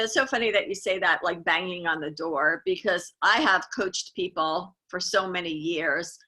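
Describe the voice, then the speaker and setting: Bright-voiced woman coaching with emphasis. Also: mid-range voice. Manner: earnest, emphatic, repeats key phrases. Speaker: life coach, show host. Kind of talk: motivational coaching talk.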